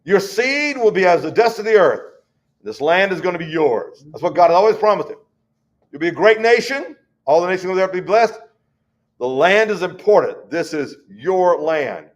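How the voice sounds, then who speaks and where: A man teaching a Bible study, folksy and conversational, reading scripture slowly. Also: high-pitched, lively intonation.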